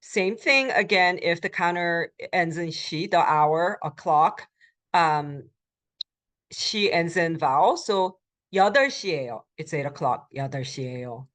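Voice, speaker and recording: A woman lecturing as a Korean language instructor, explaining step by step with frequent ums and uhs and repeating phrases slowly for learners. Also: lowish voice, expressive, fairly bright tone. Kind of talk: recorded college lecture.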